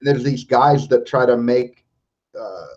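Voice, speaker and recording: Swearing constantly and speaking with blunt directness, this male podcast host takes his time in casual conversation. His voice sits in the mid range with a slightly mellow quality, captured in a dull lo-fi recording.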